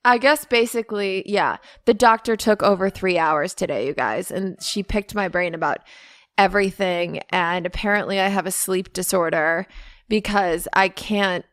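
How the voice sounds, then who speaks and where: A woman's voice: medium pitch, moderate pace, no echo, studio quality. A woman co-hosting a comedy podcast, telling stories animatedly, acting out what people said and swearing freely. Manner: animated storytelling, acts out quotes. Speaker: podcast co-host. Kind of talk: casual comedic chat.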